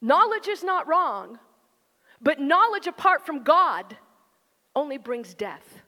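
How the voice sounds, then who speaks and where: High-voiced woman preaching in a reverberant hall. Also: big pitch swings, takes it slowly, pushed and bright. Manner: conversational, emphatic preaching that addresses the listeners directly. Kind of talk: sermon.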